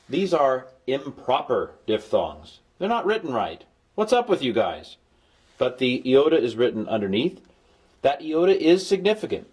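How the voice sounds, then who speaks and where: A man's voice: mid-range voice, a little mellow. A man recording a language lesson as a tutor, explaining patiently and dropping playful, jokey asides to his students. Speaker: Greek tutor.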